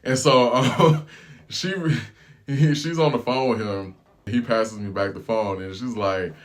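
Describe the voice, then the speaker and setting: A man telling a casual story as a travel vlogger, animated and full of slang. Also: lowish voice, normal speed.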